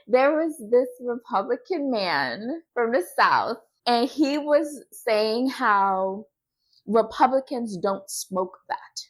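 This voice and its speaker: A woman hosting a casual chat about a TV show. She talks to her viewers directly and drives her points home with a repeated "okay?". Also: on the high side. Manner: animated, emphatic, keeps adding "okay?"; addresses viewers directly as "y'all". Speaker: host reviewing a TV show.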